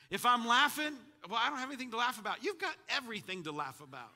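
Man, pastor, sermon, call-and-response, piercing bright tone. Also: very animated, fast talker, few pauses. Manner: call-and-response preaching to a congregation; builds to shouts at high points.

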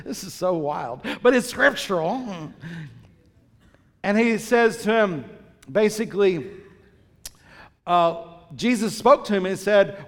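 A man's voice: sits high, lively intonation, slow pace, long pauses. A man preaching a sermon, emphatic, repeating phrases and asking the congregation questions. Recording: long reverb of a large church hall.

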